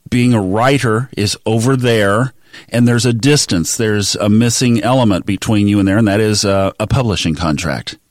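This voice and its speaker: A man's voice: lowish voice, moderate pace, no room sound, clean studio sound. A man hosting a motivational podcast, coaching listeners earnestly and acting out their inner voices. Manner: earnest, coaching, acts out quoted self-talk. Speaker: podcast host.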